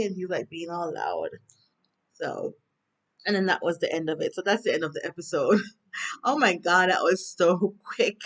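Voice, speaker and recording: A woman's voice: fairly low pitch, big pitch swings, moderate pace. A woman with a Jamaican accent chatting through a TV episode recap, rambling with lots of fillers. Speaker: TV recap vlogger.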